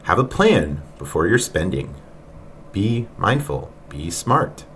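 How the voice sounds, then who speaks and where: Low-voiced, mocking male podcast host. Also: sing-song, slow, fairly bright tone, slight background noise. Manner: mocking, exasperated, laughs often. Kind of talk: reaction commentary podcast.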